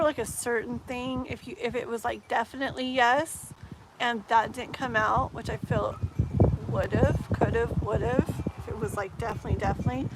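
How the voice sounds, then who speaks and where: A woman with a slightly high voice chats and rambles through a live tarot stream, often sinking into quiet murmurs. A faint hiss of noise sits behind her. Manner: chatty, rambling, drops into soft murmurs. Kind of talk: casual live-stream chat.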